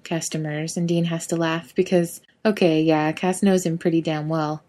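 A woman narrating fiction aloud in a steady, even storytelling manner. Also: low-pitched, moderate pace.

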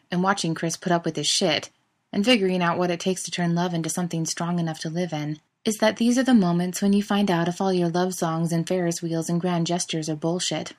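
A woman reads fiction aloud in a fairly low, steady voice. Her narration is expressive without being showy. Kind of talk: audiobook fiction reading.

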